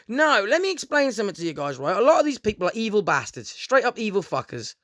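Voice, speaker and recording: High-voiced, sweary man ranting. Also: huge pitch swings, fast talker, hardly any pauses, sharp tone, dry recording, clean studio sound. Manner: rambling, heavy swearing, keeps addressing listeners as "guys". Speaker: vlogger. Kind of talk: casual unscripted monologue to camera.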